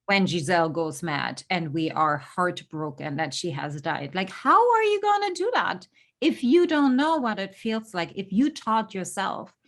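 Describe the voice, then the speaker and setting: A woman's voice: lowish voice, sing-song, a little slow. Earnest, emphatic woman co-host. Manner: earnest, emphatic, rises sharply when stressing a point. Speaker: podcast co-host. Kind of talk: casual chat.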